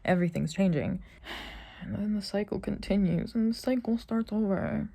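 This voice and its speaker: A woman's voice: mid-range voice, moderate pace, creaky, mellow. A young woman vlogging about her own life, frank and tired, swearing often and at times dropping to a whisper. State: tired and in pain. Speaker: art vlogger. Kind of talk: personal vlog rant.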